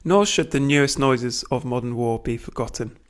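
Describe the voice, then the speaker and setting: A British man reading a manifesto aloud at a deliberate pace, breaking off for wry asides and small self-corrections. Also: mid-range voice. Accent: British English. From Britain. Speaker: reader of a manifesto.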